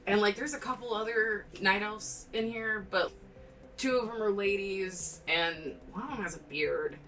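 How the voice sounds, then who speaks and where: A woman's voice: mid-range voice, moderate pace, a bit bright. A young woman narrating as game master in a casual, rambling way, with many fillers. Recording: distant mic with background music.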